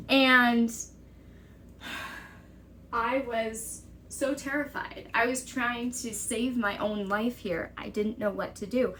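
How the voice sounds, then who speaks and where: A woman's voice: fairly high pitch, fairly bright tone, a little hiss or hum. A young woman vlogging a personal story to camera, urgent and exasperated, quoting others as she goes. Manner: urgent, exasperated retelling with quick quoted dialogue.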